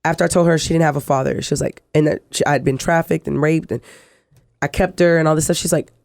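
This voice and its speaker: A middle-aged woman, a guest telling her life story in an interview, animated and acting out the voices in her quotes. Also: deep voice, quick pace, creaky, dry recording.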